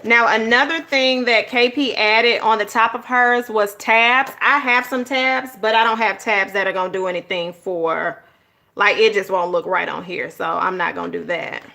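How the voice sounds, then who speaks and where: A woman's voice: medium pitch, steady tone, normal speed, creaky, pushed and bright. A woman hosting a casual planner-craft livestream, chatting to viewers as "y'all" and "honey.". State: out of breath. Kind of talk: casual livestream tutorial chat.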